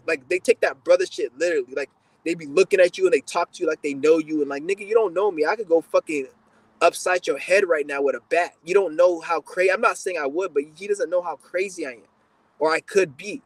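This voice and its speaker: A man's voice: high-pitched, no echo. A young man hosting a livestream, answering questions in a blunt, profane, rambling rant with frequent stammering restarts. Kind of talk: casual ranting chat.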